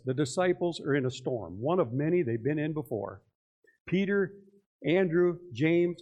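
Older guy pastor preaching, super animated, does voices, keeps asking the crowd questions. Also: on the high side. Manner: animated, acts out voices and asks the congregation questions. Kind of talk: sermon.

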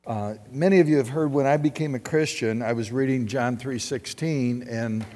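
A man preaching a sermon as pastor, swinging from loud exhortation to quiet personal storytelling. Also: mid-range voice, steady tone, moderate pace. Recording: long reverb with faint music.

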